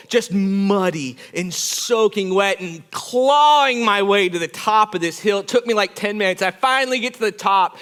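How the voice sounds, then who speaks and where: Animated high-voiced male pastor. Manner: animated storyteller, acts out quotes with shouts and whispers. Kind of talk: sermon with personal story. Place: church.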